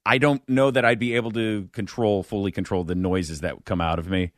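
A man hosting a comedy podcast, telling stories with sardonic, animated delivery. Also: fairly low pitch, brisk, no echo, studio quality. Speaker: podcast host.

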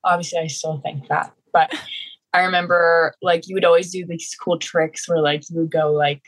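A young woman in her twenties, a podcast guest, telling stories in a relaxed, giggly chat. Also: on the low side, normal speed, low-quality recording. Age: 20s. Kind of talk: casual chat.

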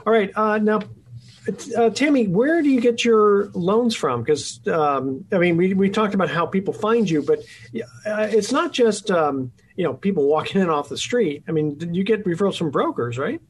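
A man's voice: high voice, expressive, normal speed, a little hiss or hum, low-quality recording. A man hosting a radio interview show, chatty and rambling with lots of fillers.

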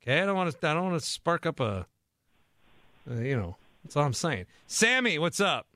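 A man's voice: fairly high pitch, sing-song, fairly quick, bright, forceful tone, no echo. Chatty male sports radio host. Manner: chatty, laughs easily, restarts his sentences. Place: radio studio. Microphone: studio microphone.

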